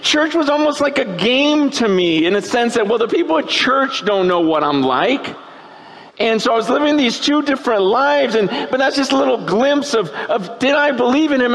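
A pastor telling a laughing personal story within a sermon, then turning earnest. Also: male voice, extremely high pitch, a bit bright.

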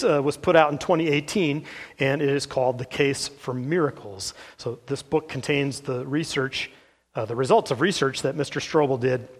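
Man, pastor, sermon, reading from a book, earnest, fairly high voice. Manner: earnest, steady reading with filler "uh"s.

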